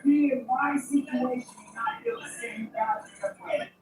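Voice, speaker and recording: An agitated man under arrest, yelling and swearing at a police officer, caught on body camera. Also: extremely high pitch, fairly even intonation, unhurried, a little hiss or hum. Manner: profane, furious, yelling. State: agitated, upset. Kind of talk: shouting at police on bodycam footage. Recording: echoey bodycam audio from a distance.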